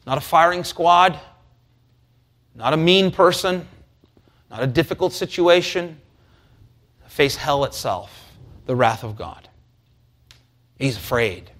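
Man, preacher, sermon, somewhat high voice, dynamic hushed-to-fervent delivery. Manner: preaching with swings from hushed to rising intensity.

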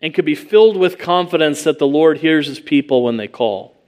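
Earnest preacher with a raised pitch. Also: male voice, lively intonation, normal speed, darkish tone. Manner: earnest expository preaching, rhetorical questions. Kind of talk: sermon.

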